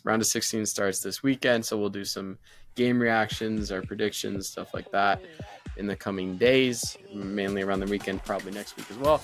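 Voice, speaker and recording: A man co-hosting a football podcast, speaking bluntly in casual chat and closing the episode. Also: on the low side. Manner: blunt, swears freely. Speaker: podcast co-host.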